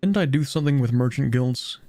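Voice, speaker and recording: A man's voice: mid-range voice, fairly quick, dark tone, dry recording. A young man from southern Ontario with a Canadian accent, streaming a strategy game, chatting casually, thinking aloud and poking fun at himself. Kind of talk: casual gameplay commentary, reading chat.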